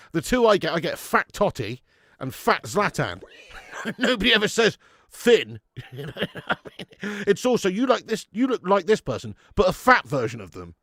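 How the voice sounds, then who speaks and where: A man's voice: a little high, sing-song, normal speed, long pauses, fairly bright tone, no echo, clean studio sound. A man doing a live football watch-along, chatty and sweary, reading out viewer messages on a webcam mic.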